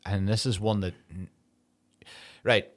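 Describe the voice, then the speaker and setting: An Irish man co-hosting a comedy podcast, telling stories in a sweary, animated rant. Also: lowish voice, slow pace. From Ireland. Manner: animated, ranting, sweary storytelling. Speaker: podcast co-host. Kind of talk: casual comedic film chat.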